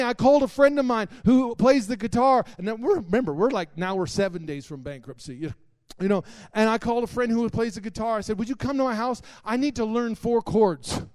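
A man preaching a sermon, telling a personal testimony with strong emotion that swings between hushed confession and loud exclaiming. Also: very high voice, lively intonation, brisk.

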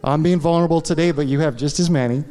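A man's voice: on the high side, quick pace, mellow, in a large hall. A man preaching a sermon in a church, telling a candid personal story and checking in with the congregation with frequent asides. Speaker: pastor. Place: church sanctuary.

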